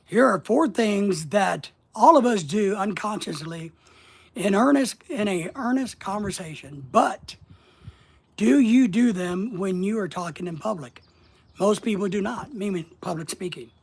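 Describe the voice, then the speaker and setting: A middle-aged man coaching about social media in a folksy, deliberate way, asking his listeners question after question and pausing often. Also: high voice, animated, gravelly, slightly rough. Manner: folksy, asks the audience rhetorical questions, slow deliberate pauses. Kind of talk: motivational instructional monologue.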